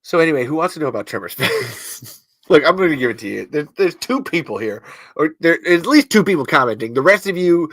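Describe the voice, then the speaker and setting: A man's voice: on the high side, sing-song, fairly quick, a bit bright, no room sound. A man from the American Midwest hosting a podcast livestream in casual chat, rambling, interrupting himself and swearing as he goes. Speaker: podcast host.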